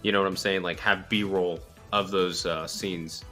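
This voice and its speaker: A man's voice: low-pitched, steady tone, a little slow, bright, forceful tone, soft background music. A tired man hosting a casual chat, rambling with many fillers. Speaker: channel host.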